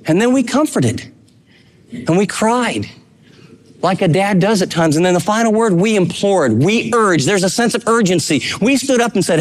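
A man's voice: high-pitched, expressive, moderate pace. A man preaching a sermon as pastor, reading scripture and urging his listeners with emphatic, fatherly exhortation.

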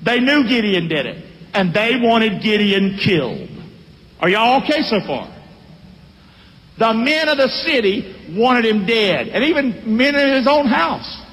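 Animated preacher in an echoing hall. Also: male voice, extremely high pitch, measured pace. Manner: animated, calls for responses from the congregation. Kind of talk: sermon. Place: church sanctuary. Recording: long reverb of a large hall.

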